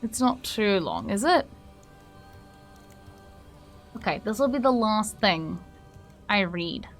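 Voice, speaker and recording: A woman's voice: mid-range voice, expressive, a little slow, faint music behind. Chatty Australian woman streamer. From Western Australia. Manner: chatty, hesitant, stumbles over words when reading. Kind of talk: casual chat and reading a story aloud on stream.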